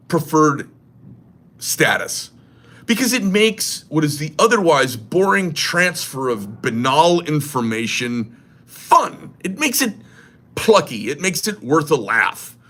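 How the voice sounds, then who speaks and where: A man's voice: a little high, pushed and bright. A man who makes knives hosting a casual livestream, rambling and joking crudely. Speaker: knife maker and shop host.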